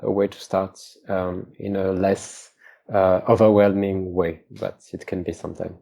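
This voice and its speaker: A man's voice: low voice, flat delivery, normal speed, vocal fry, dark tone. A man from France with a French accent, a concept artist being interviewed, who talks hesitantly and often repeats words as he searches for them. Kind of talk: casual interview talk.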